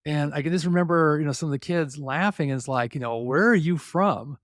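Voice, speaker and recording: A man's voice: on the high side, fast, no echo. Middle-aged guy guest, reflective, lots of uh and you know, dry close mic. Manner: reflective storytelling, hesitant fillers. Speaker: podcast guest. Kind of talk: conversational interview.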